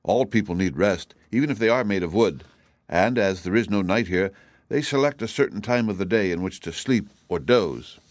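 A man voicing a calm, kindly little old wizard in an audiobook reading. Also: fairly low pitch, moderate pace, no room sound, clean studio sound, close to an everyday voice.

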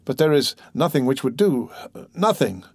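A man's voice: medium pitch, expressive, normal speed, a little mellow, slightly rough, no room sound, clean studio sound. A man voicing a grave male doctor who asks curt, commanding questions. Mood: urgent.

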